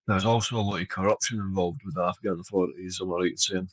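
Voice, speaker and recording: A man hosting an interview, putting a quick question to his guest. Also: deep voice, fairly even intonation, no room sound, low-quality recording. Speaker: podcast host.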